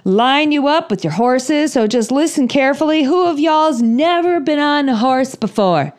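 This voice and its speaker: A woman's voice: high voice, lively intonation, normal speed, voice pushed up. A woman putting on the voice of a male cowboy wrangler who gives orders in a folksy, bossy drawl.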